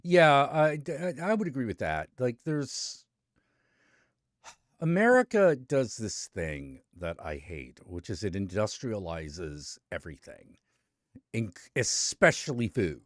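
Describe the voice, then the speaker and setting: A man hosting a casual chat, animated and opinionated. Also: mid-range voice, takes it slowly, no room sound, clean studio sound. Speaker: host.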